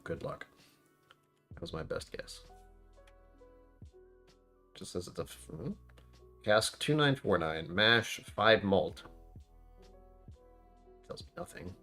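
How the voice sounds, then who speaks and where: Male streamer, low voice with lively swings, rambling casual chat, faint music underneath. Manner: rambling, chatty, reacting to chat. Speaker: whiskey reviewer streamer.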